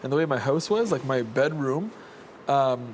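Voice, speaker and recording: A man's voice: medium pitch, lively intonation, normal speed, a little mellow, slight background noise. A young man telling a rambling story in casual chat, full of fillers and restarts. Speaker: houseguest.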